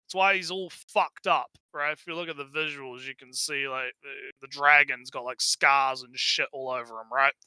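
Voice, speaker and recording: A man recapping a story in casual stream chat, swearing often, laughing and stumbling over his words in excitement. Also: mid-range voice, normal speed, hardly any pauses, clear, resonant tone, dry recording. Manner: profane, excitable, laughing, with many fillers. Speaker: co-host of a review stream.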